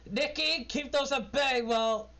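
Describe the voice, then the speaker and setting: A man voicing a nimble male halfling rogue, talking fast and urgently in a raised voice. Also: gravelly, bright, forceful tone, exaggerated voice. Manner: hurried, raised and pitched up. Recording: dull lo-fi mic with faint noise.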